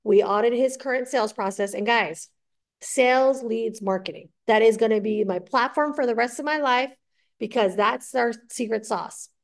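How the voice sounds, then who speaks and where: A woman's voice: a little high, moderate pace. A woman guest on a business interview, telling a story with energy and acting out the lines of her client. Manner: energetic, acts out client dialogue. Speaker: guest entrepreneur.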